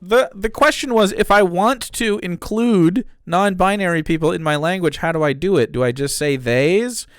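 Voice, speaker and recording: A man's voice: high-pitched, moderate pace, few pauses, smooth, no echo, studio quality. A man streaming, reacting to a video with exasperated, profane casual commentary and frequent laughter.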